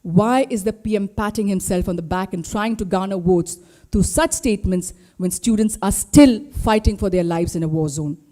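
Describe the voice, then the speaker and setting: A woman's voice: mid-range voice, moderate pace, mellow. A middle-aged woman with an Indian accent, speaking at a press conference as a party spokesperson, indignant and full of rhetorical questions.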